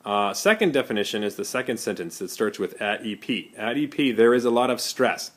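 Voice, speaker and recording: A man teaching an English vocabulary lesson to his class, explaining slowly with many pauses and fillers and giving Spanish translations. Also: fairly low pitch, animated, a bit bright.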